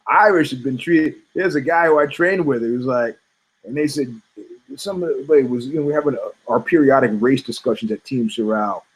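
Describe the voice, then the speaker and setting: A middle-aged man, a podcast co-host, talking casually and with strong opinions, telling animated stories and acting out the people he quotes. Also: mid-range voice, moderate pace, rough recording. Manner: animated storytelling, acts out quoted voices, frequent laughs.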